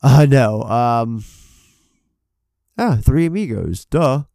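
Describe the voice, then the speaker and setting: A man's voice: medium pitch, lively intonation, takes it slowly, gravelly, dark tone, no echo, studio quality. A man co-hosting a podcast in casual, rambling chat, swearing freely and poking fun at himself. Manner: profane, rambling, self-deprecating. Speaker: podcast co-host.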